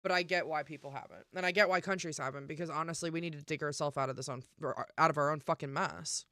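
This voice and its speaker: A young woman streamer talking casually and emphatically, swearing often and filling pauses with "um" and "like". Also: sits low, steady tone, a bit bright, no echo, studio quality. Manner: emphatic and profane, with many fillers. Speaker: live streamer. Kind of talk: casual live-stream rant.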